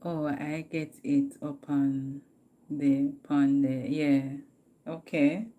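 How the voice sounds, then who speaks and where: A woman's voice: sits low, level tone, takes it slowly, warm tone. A woman with a Jamaican accent chatting casually with viewers on a live stream, talkative and laughing often. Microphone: phone.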